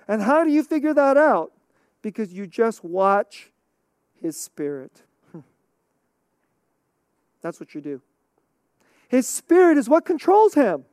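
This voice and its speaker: A woman's voice: fairly high pitch, sing-song, slow pace, long pauses, a little mellow, no room sound, studio quality. A middle-aged woman pastor preaching a conversational sermon, laughing often and checking in with "okay?".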